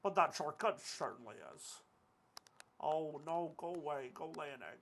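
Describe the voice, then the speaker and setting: A man's voice: on the high side, expressive, a little slow, fairly bright tone, slight background noise. A young man giving casual commentary over his gameplay, joking, rambling and cursing at the game. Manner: jokey, rambling, swears at the game. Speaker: gaming video creator.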